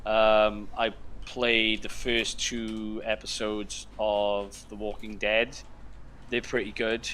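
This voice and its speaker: Bright-voiced young man rambling casually. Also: on the low side, little pitch movement, slow pace, slight background noise. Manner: rambling, filler-heavy, laid-back. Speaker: podcast co-host. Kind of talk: casual chat.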